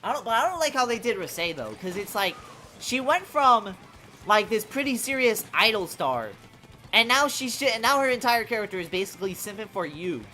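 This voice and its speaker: A young woman with a medium-pitched, slightly fast voice provides casual live-stream commentary on a game she's playing, with slight background noise. Her animated, profane rants about characters are full of "bro."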